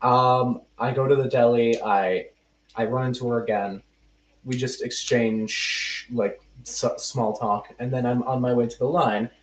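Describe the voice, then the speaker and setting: A man's voice: mid-range voice, fairly even intonation, a little slow. A young man from the United States, a podcast host telling a rambling, self-mocking story in casual chat among friends. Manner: rambling, self-mocking, restarts mid-sentence. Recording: roomy, distant and muffled mic.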